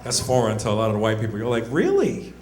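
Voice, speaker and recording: A man's voice: lowish voice, level tone, racing, roomy sound. A man doing stand-up comedy, telling brash stories to a club audience. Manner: brash, storytelling.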